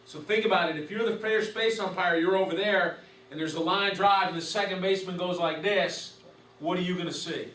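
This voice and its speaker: A man with a high, slightly bright voice, talking a little fast, teaches umpires in a conversational lecture full of questions and repeated key points. He is an umpire instructor, and the audio is roomy with a distant mic and faint hiss.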